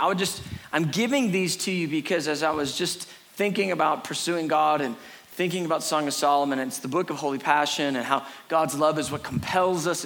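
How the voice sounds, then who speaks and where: A middle-aged man preaching a sermon on a church stage, animated and earnest, acting out little scenes for his listeners. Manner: animated, acts out a frantic crowd in a high put-on voice. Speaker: pastor. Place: church stage before a congregation.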